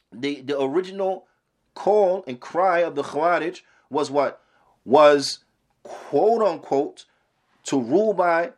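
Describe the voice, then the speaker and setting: A man teaching a religious lesson who asks rhetorical questions, quotes Arabic and then translates it. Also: fairly high pitch. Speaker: Islamic teacher. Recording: podcast lesson recording.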